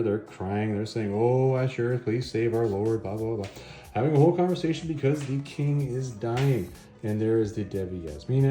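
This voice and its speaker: A man hosting a casual comic book review video, retelling the story in a chatty, animated way. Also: on the low side. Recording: roomy echo, faint music.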